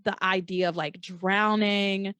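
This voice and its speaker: A young woman hosting a podcast, casually retelling soap opera scenes and acting out the characters' lines in a high, dramatic voice. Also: slow, clear, resonant tone, dry recording. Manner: animated storytelling, acts out quotes in a high dramatic voice. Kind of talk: casual chat.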